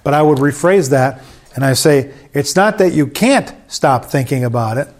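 A man's voice: mid-range voice, normal speed. A man preaching a sermon in church, conversational and joking with the congregation. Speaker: pastor.

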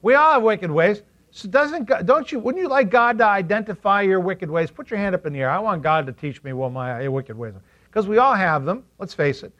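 A male pastor preaches to his congregation in a lively way, firing questions at them. He acts out quotes in funny voices. His voice sits fairly high, and the recording sounds dull and lo-fi. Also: a little fast. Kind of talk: sermon.

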